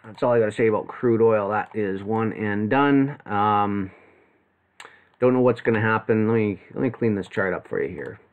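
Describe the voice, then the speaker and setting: Man, low voice, live trading commentary, casual and rambling with fillers. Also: moderate pace, narrow, tinny audio. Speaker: trading analyst.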